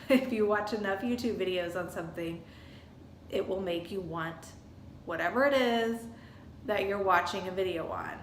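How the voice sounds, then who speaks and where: A woman's voice: medium pitch, normal speed. Woman, chatty storyteller, echoey room, faint background hum. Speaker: vlogger. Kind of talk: casual storytelling review.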